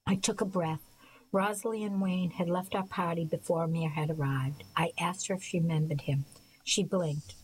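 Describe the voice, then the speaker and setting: Low-voiced woman reading an audiobook. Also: steady tone, normal speed, a little mellow, a little hiss or hum, rough recording. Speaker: narrator. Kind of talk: audiobook narration.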